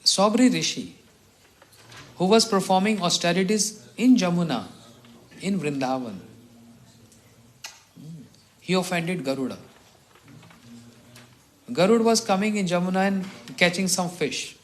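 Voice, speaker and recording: A middle-aged man from India, a monk telling stories in a morning talk who chuckles often and clears his throat. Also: high-pitched, lively intonation, measured pace, long pauses. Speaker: monk teacher.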